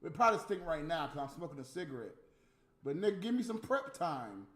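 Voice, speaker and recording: A man delivering a heated, profane, scolding rant on a livestream, with loud bursts. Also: on the high side, sing-song, brisk. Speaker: livestream host. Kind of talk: unscripted ranting monologue. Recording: echoey room with faint music.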